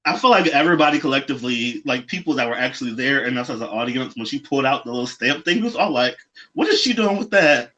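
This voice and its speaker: Bright-voiced man on dull audio. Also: mid-range voice, fast talker, hardly any pauses. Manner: emphatic, lecturing asides, laughs along. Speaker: podcast co-host. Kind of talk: casual chat.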